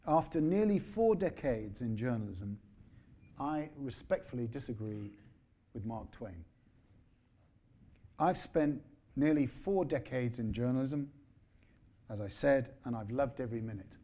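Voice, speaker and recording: A husky, mid-pitched man in his sixties addresses a conference as a newspaper editor. His speech is measured and emphatic, and he slips in dry, quick asides. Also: expressive, mellow. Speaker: newspaper editor giving a keynote.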